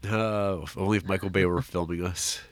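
A man's voice: sits low, fairly even intonation, a little fast, no echo. A man co-hosting a podcast, joking crudely about movies in casual chat. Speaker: podcast co-host.

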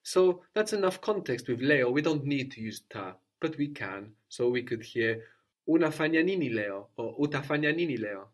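A man teaching a spoken language lesson at an even, middling pitch. He prompts his learner with questions, then repeats each answer back patiently and encouragingly. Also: moderate pace.

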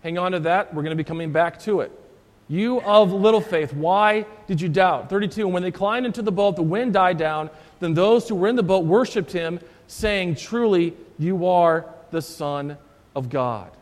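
A man's voice: high-pitched, normal speed. A man preaching a sermon as pastor, walking through scripture verse by verse and repeating key phrases. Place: church. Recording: long church reverb.

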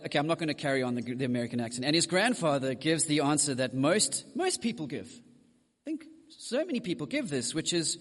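Man, preacher, sermon, high voice, direct asides to the congregation, long church-hall reverb. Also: sing-song, brisk.

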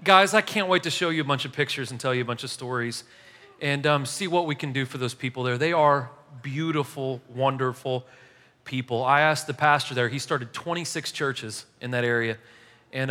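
A man preaching a sermon, telling a story in a casual, animated way and laughing along as he goes. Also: mid-range voice, a little fast. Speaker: pastor. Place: church hall. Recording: echoey hall.

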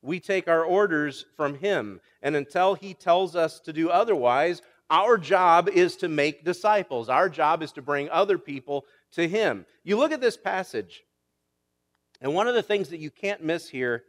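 A man's voice: a little high, expressive, a little slow. Man preaching in a reverberant hall. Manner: preaching with rising emphasis and repetition. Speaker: pastor. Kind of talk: sermon.

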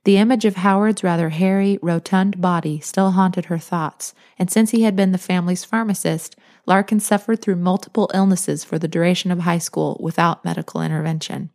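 Calm, low-voiced woman narrating. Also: a little fast, few pauses. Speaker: audiobook narrator. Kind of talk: scripted narration.

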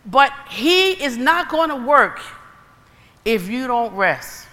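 Woman preacher, animated storyteller acting out dialogue, bright tone, long hall reverb. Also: sits high, takes it slowly. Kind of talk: sermon.

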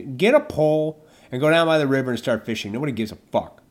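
A man's voice: fairly high pitch, expressive, fast talker. A man hosting a podcast alone, ranting with a lot of profanity and mockingly acting out the imagined people he argues with. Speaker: podcast host. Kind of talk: solo podcast rant.

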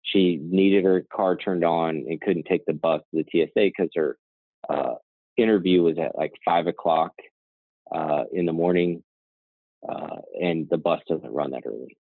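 Speaking low and at a moderate pace with some vocal fry, a man who co-founded a nonprofit and serves as its CEO tells a rambling story as a guest. He keeps adding "right?" and "you know," and the dry recording sounds tinny and phone-like.

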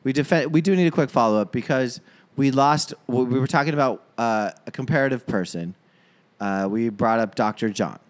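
A man's voice: medium pitch, moderate pace. A man co-hosting a podcast, chatting casually about football and often trailing off mid-sentence. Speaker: podcast co-host. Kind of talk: casual sports chat.

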